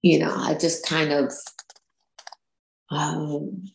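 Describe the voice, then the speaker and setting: A woman's voice: low voice, flat delivery, very slow, vocal fry. A woman guest recounting personal experiences, hesitant, with many restarts and fillers. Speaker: interview guest. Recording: roomy echo.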